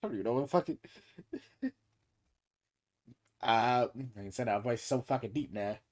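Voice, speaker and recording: A man's voice: medium pitch, lively intonation, moderate pace, a little mellow. Crude, laughing man commenting on a game. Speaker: gaming streamer. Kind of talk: let's play commentary. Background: game music.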